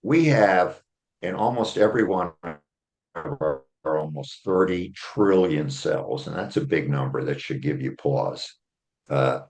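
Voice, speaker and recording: His voice is deep with a darkish tone. This man, an attorney and author, is being interviewed and earnestly lays out his case one step at a time, pausing for "okay?" check-ins.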